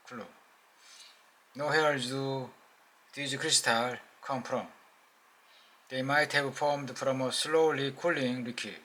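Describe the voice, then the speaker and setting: Korean-accented man playing a level-headed engineer, unhurried, bright tone. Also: medium pitch, low-quality recording.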